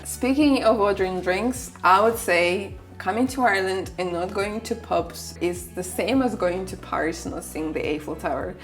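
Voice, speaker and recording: A woman co-hosting a travel vlog, who presents tips in a bright, friendly way and laughs easily. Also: medium pitch, moderate pace, few pauses, soft background music. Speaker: travel vlogger co-host. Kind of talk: travel-guide talk, part scripted.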